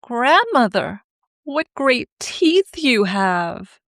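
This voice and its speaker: A woman's voice: a little high, big pitch swings, very slow, fairly bright tone, dry recording, clean studio sound, voice pushed up, exaggerated voice. A woman doing an innocent little storybook girl. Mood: wondering. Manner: innocent and open.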